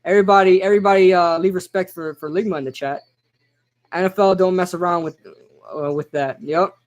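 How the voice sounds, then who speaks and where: A young man casually reacting live to a football game, chatting with viewers and shouting out their names. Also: high-pitched, fairly quick. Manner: excitable, chatty, reads out chat names. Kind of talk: casual live-stream commentary.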